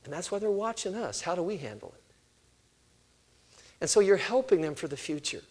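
Older man, fairly high voice, lively sermon-style talk, quizzes the audience. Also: a little fast. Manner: animated, acts out family conversations; asks the audience questions and answers them. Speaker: parenting speaker.

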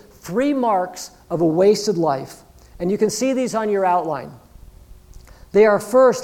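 Preaching as a pastor, this man speaks earnestly and conversationally, often saying "you know" and voicing imagined believers. His voice is high with a warm tone.

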